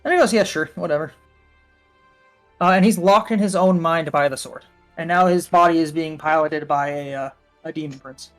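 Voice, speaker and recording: A man with a high voice rambles through a casual story on a stream voice call, full of fillers and cursing. Faint music plays underneath. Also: a little fast. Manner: rambling, with frequent fillers and swearing. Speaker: guest on a livestream. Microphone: voice call from a computer.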